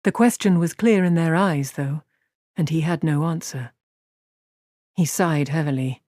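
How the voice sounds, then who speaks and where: A woman narrating an audiobook in an even, measured way, her voice sitting fairly low. The sound is dry and close, with no room around it. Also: no room sound.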